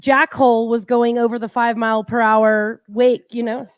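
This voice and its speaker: Chatty high-voiced woman, dry sound. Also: level tone, moderate pace, dry recording, lo-fi sound. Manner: chatty, teasing, laughs often. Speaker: co-host. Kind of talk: casual live-stream chat.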